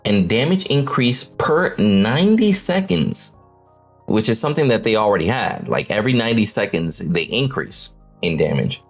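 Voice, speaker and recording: Deep, lively man hosting a game panel. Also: normal speed, soft background music. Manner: energetic, swears, keeps asking "right?". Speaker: host of a game update panel. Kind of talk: casual livestream chat on game patch notes.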